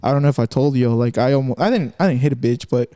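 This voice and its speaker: A man's voice: medium pitch, quick pace, dark tone, no room sound. Profane, rambling man telling stories. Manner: profane, rambling storytelling with frequent laughs. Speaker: podcast host. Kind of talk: casual podcast chat.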